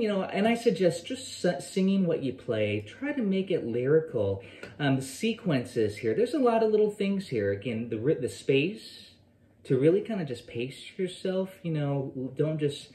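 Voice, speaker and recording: A man gives a guitar lesson, scat-singing the phrases he plays and counting beats aloud between loose, rambling explanations. His voice is mid-range with a darkish tone, and the recording sounds roomy, with guitar playing behind him.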